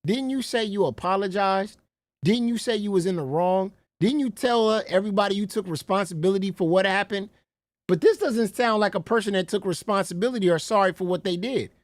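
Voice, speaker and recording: A man's voice: high voice, a little fast, dry recording. A man, a reaction streamer who mocks and swears freely, often calling people "bro". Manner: incredulous, mocking, swears freely, repeats "bro". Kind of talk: profane reaction commentary.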